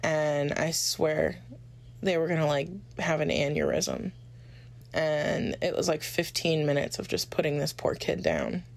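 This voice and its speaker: A woman's voice: deep voice, big pitch swings, a little slow, creaky. A woman telling an interviewer about her school memories in a casual, chatty way, full of "like.". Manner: chatty, many "like" fillers.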